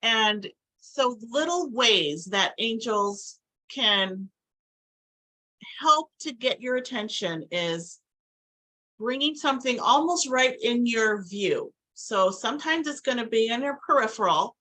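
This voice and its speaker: Bright-voiced woman chatting about angels. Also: a little high, animated, takes it slowly, rough recording. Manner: chatty and rambling, acts out little quoted asides. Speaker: spiritual vlogger. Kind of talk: casual spiritual talk to camera.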